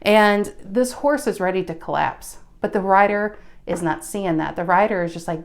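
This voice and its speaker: A woman's voice: on the low side, normal speed, hardly any pauses. A woman giving a casual tarot reading, chatty, with frequent restarts and a slightly breathless delivery. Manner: chatty, restarts often, animated bursts. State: a bit out of breath. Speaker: tarot reader.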